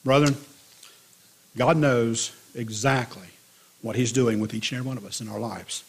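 A man preaching a sermon to his congregation, telling a parable in a lively storytelling manner. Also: normal speed, vocal fry, husky. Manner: storytelling with lively swings in pitch and loudness.

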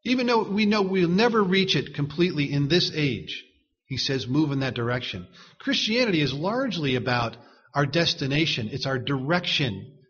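Man preaching, husky voice, slightly high pitch, earnest, dull lo-fi recording. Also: lively intonation, a bit bright. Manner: earnest, reads commentary quotes slowly. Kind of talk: sermon.

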